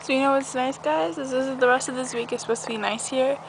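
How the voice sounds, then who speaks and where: A woman's voice: high-pitched, fairly even intonation, fast. A young woman chatting casually in a vlog from a backyard trampoline, rambling and giggly, with a dog barking nearby. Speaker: vlogger. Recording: noisy outdoor camcorder audio. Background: outdoor ambience with a dog barking.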